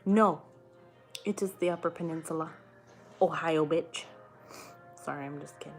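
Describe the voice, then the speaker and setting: A woman's voice: low voice, normal speed, soft background music. A young woman streaming from home, chatting casually with her viewers, swearing freely and answering their comments. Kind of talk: casual chat.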